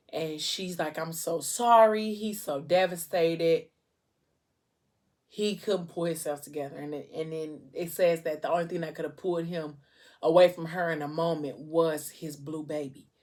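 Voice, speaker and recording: A woman, telling a book's plot in a chatty, expressive way and acting out the dialogue. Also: sits low. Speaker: vlogger. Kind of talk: casual storytelling while eating.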